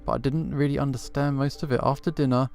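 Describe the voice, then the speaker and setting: A man's voice: medium pitch, little pitch movement, quick pace, creaky, a little mellow, soft background music, natural voice. A man voicing a polite, naive young noble cat girl in a prim, chattering way. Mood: childlike.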